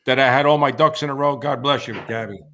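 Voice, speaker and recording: Bright-voiced man hosting a podcast. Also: mid-range voice, steady tone, fast talker. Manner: reads listener messages aloud, chummy. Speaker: podcast host. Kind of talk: casual chat.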